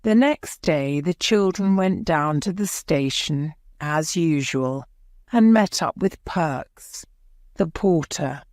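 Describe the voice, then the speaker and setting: A woman narrates a graded-reader story for English learners. Her voice is fairly low and her reading is slow and very clear. The recording is close and dry, with no room sound. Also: expressive, darkish tone, no room sound. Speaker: audiobook narrator.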